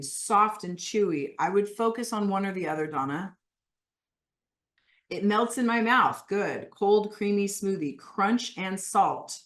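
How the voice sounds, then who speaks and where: A woman leading a live online coaching session, talking slowly and emphatically through guided phrases, with lively bursts. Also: mid-range voice. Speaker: workshop leader.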